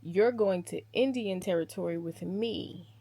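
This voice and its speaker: Stubborn young frontier man, low and quiet, flat delivery, put on by a woman. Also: measured pace, husky. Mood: firm. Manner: flat, quiet, matter-of-fact.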